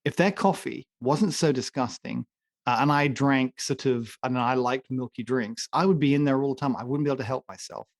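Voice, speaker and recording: A man co-hosts a podcast, speaking at a medium pitch and a slightly quick clip in a dry, studio-quality recording. It's opinionated casual chat: he rants emphatically and cracks jokes while arguing his point.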